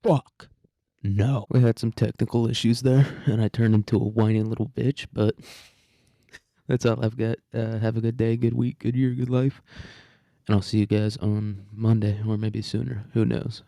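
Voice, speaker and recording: A man's voice: fairly low pitch, little pitch movement, normal speed, vocal fry, dark tone, no room sound, clean studio sound. A man hosting a solo commentary podcast, rambling, sarcastic and heavy on swearing. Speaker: podcast host.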